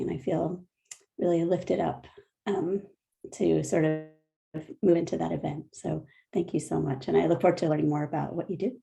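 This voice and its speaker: A woman speaks on an online meeting in a warm, appreciative way, her voice gravelly and mellow. Her pitch stays flat and even as she describes an upcoming event. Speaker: community organizer.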